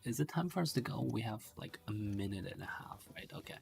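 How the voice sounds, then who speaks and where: Tired guy streaming a game, gravelly creaky voice, rambly fake-professor vibe, bit of game music behind. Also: fairly low pitch, expressive, moderate pace, hardly any pauses, a bit bright. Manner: rambling, mock-professorial, laughs often. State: sleep-deprived. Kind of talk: casual live-stream game commentary.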